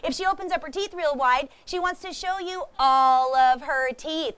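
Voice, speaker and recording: A woman giving a lively talk about wild animals to a young audience, animated and often laughing as she speaks straight to the crowd. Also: high-pitched, moderate pace. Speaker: wildlife educator with animal ambassadors. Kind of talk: lively presentation to kids.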